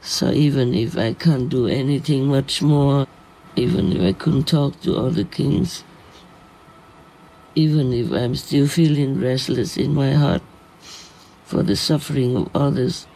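Slow gravelly man in earnest prayer. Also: medium pitch, warm tone. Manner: earnest, pleading, emotional. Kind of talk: spoken prayer.

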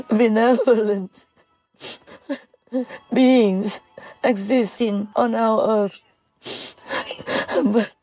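Woman, spiritual talk, slow, gravelly, halting, full of fillers. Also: fairly high pitch, dark tone, dry recording, poor audio. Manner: halting, with many fillers and repeats.

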